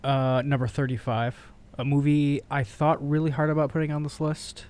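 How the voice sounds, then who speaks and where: Excitable swearing man, mid pitch. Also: moderate pace, clean tone. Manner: excitable, swears, goes through a ranked list. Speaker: podcast co-host. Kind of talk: casual chat.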